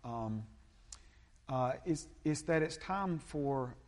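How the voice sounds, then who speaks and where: Pastor preaching in an echoey hall. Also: male voice, mid-range voice, lively intonation, darkish tone. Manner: halting, many fillers and restarts. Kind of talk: sermon.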